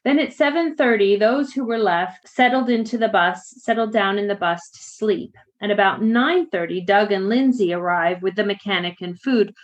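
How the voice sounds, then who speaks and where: A woman's voice: medium pitch, moderate pace, hardly any pauses. A woman interviewing, reading passages from a journal aloud and prompting the guests with questions. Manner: inquisitive, narrating and prompting.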